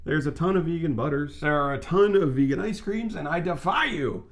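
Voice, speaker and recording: A man's voice: a little high, lively intonation. Emphatic man in his thirties. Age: 30s. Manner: brisk, emphatic, opinionated. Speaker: vlog co-host. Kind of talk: casual chat.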